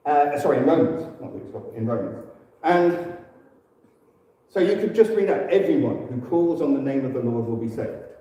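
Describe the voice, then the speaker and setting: English man, relaxed church talk, echoey hall. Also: medium pitch, normal speed, muffled recording. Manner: relaxed and conversational, with frequent fillers and self-corrections. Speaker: church speaker. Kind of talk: informal church teaching talk. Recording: echoey hall, distant mic.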